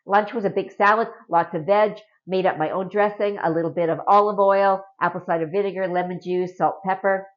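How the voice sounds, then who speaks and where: A woman's voice: mid-range voice, steady tone, a little fast, hardly any pauses, muffled recording. A middle-aged woman from Canada talking casually and earnestly to camera in a home vlog, often adding a rhetorical "right?". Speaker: vlogger.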